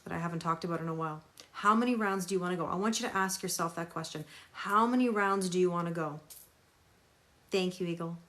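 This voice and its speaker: A woman's voice: on the low side, fast talker, sharp tone. A woman tarot reader on a live stream, talking emphatically, repeating phrases for stress and greeting viewers by name.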